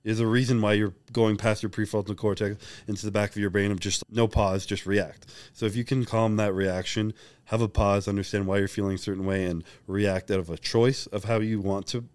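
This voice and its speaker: A young man guests on a podcast, a bodybuilding champion whose fairly low, level, slightly mellow voice comes through a dry recording. Fast-talking and profane, he's frank about his life and voices the characters in his anecdotes.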